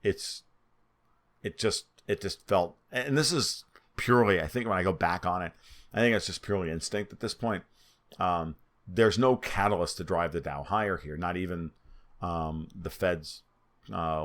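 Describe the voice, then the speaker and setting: A man with a New York accent and a nasal voice, talking through market charts in a twitchy, off-the-cuff way. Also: low-pitched. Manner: twitchy, spitballing, restarts often. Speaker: market commentator. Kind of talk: solo market analysis over charts.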